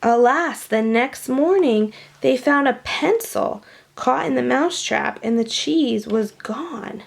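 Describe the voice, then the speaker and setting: A woman reading a children's picture book aloud, pausing to explain words for children. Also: a little high, lively intonation, vocal fry, husky. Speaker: storybook reader.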